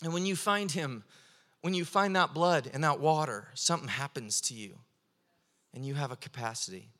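Young male preacher, fervent sermon delivery, pitched a bit high, animated storytelling. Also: moderate pace, in a large hall.

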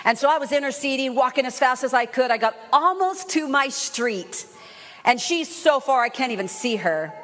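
High-voiced woman preaching in a reverberant hall. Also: animated, moderate pace. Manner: earnest storytelling, rising to shouting praise. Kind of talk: sermon with personal story. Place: church sanctuary.

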